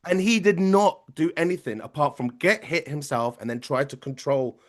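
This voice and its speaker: A man's voice: fairly high pitch, moderate pace. A man, a podcast producer, telling a long rambling story in casual chat and tagging lines with questions. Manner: rambling anecdote with frequent tag questions.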